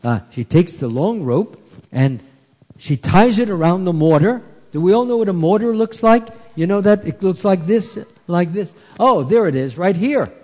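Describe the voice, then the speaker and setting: A man telling a story to children at a temple, animated, asking them questions and hushing them. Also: high-pitched, normal speed. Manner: animated, asks the kids questions, hushes them. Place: temple hall. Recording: echoey hall.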